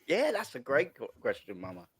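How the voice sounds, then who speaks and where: A man's voice: mid-range voice, huge pitch swings, brisk, a crowd in the background. A man chatting on a live stream, teasing the others in a playful way and swearing casually.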